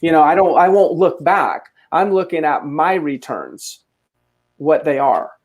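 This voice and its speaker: Slightly high-voiced with lively intonation, this realtor co-host talks at a measured pace through a casual market chat on a real estate show, sharing opinions and frequently starting sentences over.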